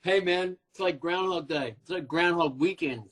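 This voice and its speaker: A man's voice: fairly high pitch, moderate pace. A man in his forties with a New Zealand accent, hosting a casual, joking livestream chat and talking in a loose, self-deprecating way. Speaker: Instagram live host. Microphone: phone camera, live video call.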